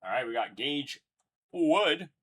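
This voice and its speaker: A man's voice: a little high, sing-song, slow pace, a bit bright, slightly rough. A young man casually announcing each card pulled as he hosts a live card break, chatty and upbeat. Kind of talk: live card-opening commentary.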